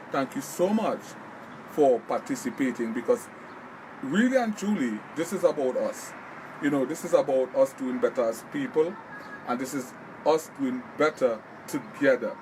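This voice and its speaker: A man with a high voice streams live and talks earnestly about parenting. He preaches and repeats phrases for emphasis. A little faint noise sits under his voice. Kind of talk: live-stream motivational talk.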